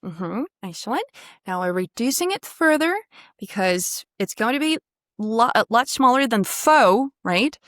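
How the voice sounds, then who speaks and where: A woman's voice: fairly high pitch, expressive, unhurried, a bit bright, no echo. Encouraging woman voice coach, dry sound. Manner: encouraging, models sounds and sings them out. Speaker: voice and pronunciation coach. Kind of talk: one-on-one pronunciation lesson.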